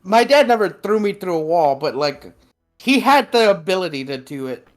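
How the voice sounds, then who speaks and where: A man's voice: high-pitched, big pitch swings, normal speed. A man co-hosting a podcast in loose, casual chat, swearing and laughing as he talks about his father. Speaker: podcast co-host.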